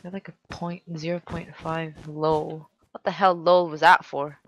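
Giggly young woman gaming, lowish voice. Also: measured pace, rough recording. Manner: giggly, teasing, excitable exclamations. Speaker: gamer. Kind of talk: casual gaming chat.

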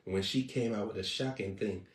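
A man's voice: fairly low pitch, moderate pace. A man preaching on a broadcast who jokes, teases his listeners and laughs often. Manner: playful, laughs often, teasing the audience. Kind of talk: joking live-stream preaching. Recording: echoey room, distant mic.

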